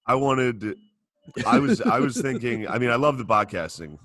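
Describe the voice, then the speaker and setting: A man's voice: medium pitch, animated, moderate pace, fairly bright tone, no room sound, clean studio sound. A man co-hosting a casual comedy podcast, riffing playfully on an absurd bit with his co-host.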